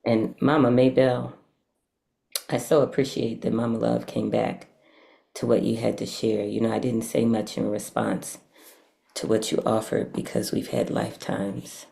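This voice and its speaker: A woman's voice: very deep voice, level tone, measured pace, gravelly, mellow. A woman giving heartfelt, emphatic thanks to her mentors, repeating phrases for weight.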